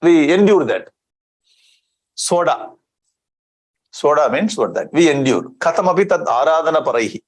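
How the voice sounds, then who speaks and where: A man's voice: on the high side, expressive, moderate pace, pauses often, low-quality recording. A man giving a scripture discourse as a swami, chanting Sanskrit verses and explaining them in with rhetorical questions.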